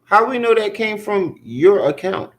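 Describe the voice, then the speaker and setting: Mocking man with a lively voice. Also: high voice, unhurried, echoey room. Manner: mocking, animated, talks back at clips. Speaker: commentary host. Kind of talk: reaction commentary.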